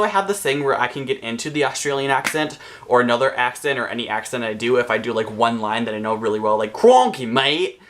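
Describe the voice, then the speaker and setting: A man's voice: medium pitch, a bit bright. A man with an American accent talking casually to camera, rambling and self-deprecating. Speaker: YouTuber.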